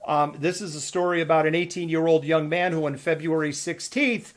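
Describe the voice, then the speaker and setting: A man's voice: a little high, brisk. A male host of a live online news talk show, giving casual, wry commentary.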